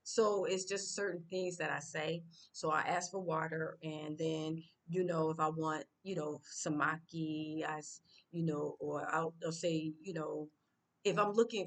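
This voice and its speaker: A woman from the United States talking casually to her vlog viewers, unscripted, with many fillers and restarts. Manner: speaks Swahili phrases louder and higher. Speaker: vlogger.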